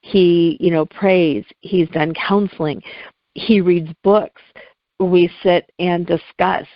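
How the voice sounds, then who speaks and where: A woman's voice: lowish voice, fairly even intonation, takes it slowly, no echo, muffled recording. A middle-aged woman speaking as an interview guest, telling a painful personal story in an earnest, heartfelt way, at times close to tears.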